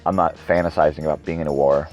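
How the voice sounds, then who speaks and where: A man's voice: a bass voice, little pitch movement, fast talker, darkish tone. A man in his thirties hosting a solo podcast, rambling casually, going off on tangents and correcting himself as he goes. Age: 30s. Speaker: podcast host. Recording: dull lo-fi recording with music behind. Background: background music.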